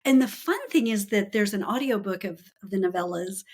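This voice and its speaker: Husky-voiced woman author, enthusiastic. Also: mid-range voice, a little fast. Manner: enthusiastic storytelling, laughs often. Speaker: author guest. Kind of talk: casual interview chat.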